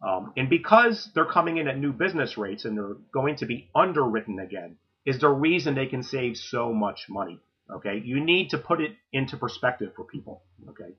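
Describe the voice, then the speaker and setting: A man with a husky, slightly rough voice talks through a sales training session. He coaches in a direct, no-nonsense way and keeps checking in with his listeners. The recording sounds muffled and lo-fi. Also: mid-range voice, very animated, a little fast. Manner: direct coaching, frequent "okay?" check-ins.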